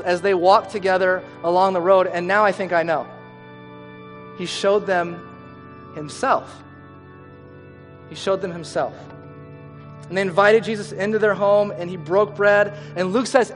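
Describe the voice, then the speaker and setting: A man's voice: high voice, a bit bright. A man preaching a sermon as pastor, earnest and emphatic, letting phrase endings fall away. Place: church sanctuary. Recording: hall reverb with faint music.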